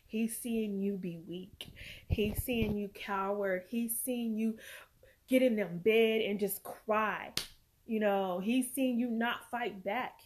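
A woman's voice: medium pitch, steady tone, slow pace. Emphatic emotional mother talking to camera. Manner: earnest, emphatic, swings from loud to quiet; swears. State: near tears. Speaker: mother and vlogger. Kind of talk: emotional personal vlog talk.

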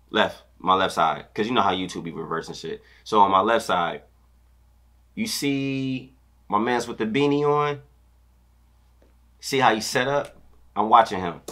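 Hyped man counting beats aloud, low voice. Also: sharp tone. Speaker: dance teacher reacting to choreography. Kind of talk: excited reaction commentary.

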